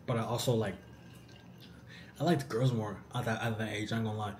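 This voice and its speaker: A young man answering viewer questions in a casual vlog, animated and slangy. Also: fairly low pitch, a little fast, a little hiss or hum. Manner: animated, slangy, says "bro" often.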